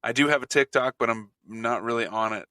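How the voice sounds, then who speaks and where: A man who is a guest on a podcast, chatting in a relaxed way and chiming in briefly. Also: medium pitch, a little fast, clean tone, dry recording. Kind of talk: casual chat.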